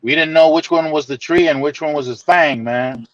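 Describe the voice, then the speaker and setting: A man's voice: a little high, normal speed, dry recording. Host guy w goofy sign-off lines, muffled lo-fi sound. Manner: playful catchphrases. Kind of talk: casual chat, signing off. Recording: dull lo-fi stream audio.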